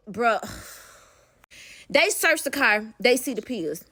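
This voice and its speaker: A young adult woman telling a personal story in casual storytime style, animated and profane, talking straight to the listener. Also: on the high side, takes it slowly, pauses often, a little hiss or hum.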